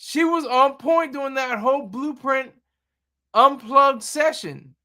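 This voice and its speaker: High, bright-voiced joking male streamer. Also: slow. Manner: laughs often, animated, jokey riffing. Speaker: livestream host. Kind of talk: casual livestream commentary.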